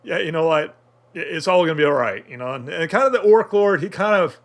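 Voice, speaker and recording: A man's voice: fairly high pitch, expressive, brisk. A man talking through an anime episode in casual review commentary, rambling with many fillers and restarts.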